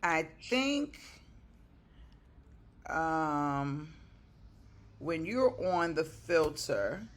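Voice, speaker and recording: A woman's voice: low-pitched, sing-song, extremely slow, long pauses. A woman hosting a business coaching Q&A over a video call, effusive and encouraging.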